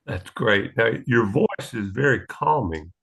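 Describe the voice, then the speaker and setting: A man from the Southern United States, interviewing a guest with slow, measured questions and small stumbles. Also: fairly low pitch, animated, vocal fry, a bit bright, husky.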